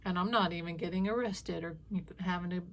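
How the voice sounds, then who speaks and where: A woman voicing a boastful, crude older male politician in a mocking impression, lowering her voice a little and sounding smug. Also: fairly quick, lightly acted. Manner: smug, crude mock bravado.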